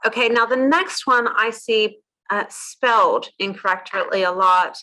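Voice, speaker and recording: An American woman hosting a casual interview, chatty and quick, laughing easily at her own mistakes. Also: on the high side, bright, forceful tone, poor audio. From United States. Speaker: host of a rose channel.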